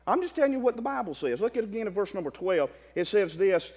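A high-voiced man delivers a Baptist sermon, very animated and fast, his pitch swinging widely from quiet asides up to loud, exclaiming stretches. A long echo fills the hall.

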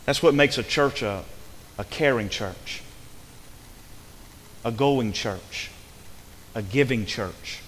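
Guy preaching in a church, gets loud and fired up then drops real quiet, long echo, bit of hiss. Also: medium pitch, slow, long pauses. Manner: rising to fervent emphatic preaching, then dropping soft. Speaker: pastor. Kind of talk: sermon. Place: church sanctuary. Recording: reverberant hall with faint hiss.

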